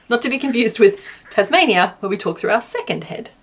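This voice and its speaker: A woman's voice: on the high side, husky. A young adult woman with a Western Australian accent, chatting casually and self-deprecatingly with her viewers while she crochets, often laughing. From southwest Western Australia. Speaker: crochet streamer reading chat. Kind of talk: casual live-stream chat while crocheting.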